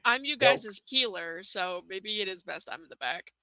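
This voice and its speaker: A woman's voice: medium pitch, animated, normal speed, bright, forceful tone, no echo. A woman playing in a tabletop game, talking in a friendly, chatty way. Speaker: player.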